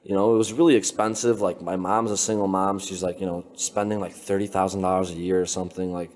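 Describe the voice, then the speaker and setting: A young man, a podcast guest, telling a story in a loose, animated way, full of filler words. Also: low-pitched, fast. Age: young adult. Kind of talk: casual storytelling. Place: his apartment.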